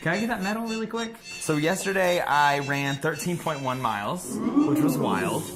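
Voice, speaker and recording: A man's voice: a little high, very animated, moderate pace, music in the background. A tipsy man chatting casually as a guest cook, easygoing and self-deprecating. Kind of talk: casual chat.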